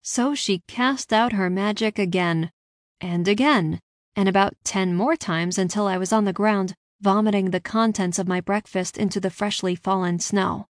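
A woman reading a first-person fantasy story aloud with steady, expressive narration. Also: medium pitch, moderate pace, no echo, clean studio sound.

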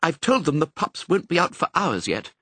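A man's voice: a little high, sing-song, moderate pace, sharp tone, husky, no echo, voice pushed up, exaggerated voice. A man reading a storybook, voicing a proud, prim female cat particular about her names. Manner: prim, haughty.

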